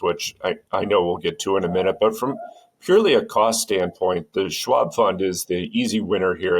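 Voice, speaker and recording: A man judging on a panel, walking through his analysis in a relaxed, conversational way with a few uh fillers. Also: sits low, slightly rough. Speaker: guest judge analyzing funds. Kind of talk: casual panel discussion.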